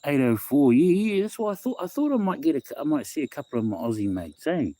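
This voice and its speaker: This livestream host is a middle-aged man with a New Zealand accent whose mellow voice runs a little high, and he talks fast and very animatedly with no echo. Chatting loosely on his phone, he reads comments aloud, repeats himself, wanders off topic and says "bro" and "eh."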